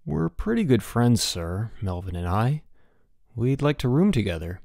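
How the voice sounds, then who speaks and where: A narrator voices a mischievous teenage schoolboy with a lively, bouncing delivery and a gravelly grain. He sounds breezy and persuasive, recorded close and dry. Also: medium pitch, measured pace, dry recording. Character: scheming, cheeky teenage schoolboy.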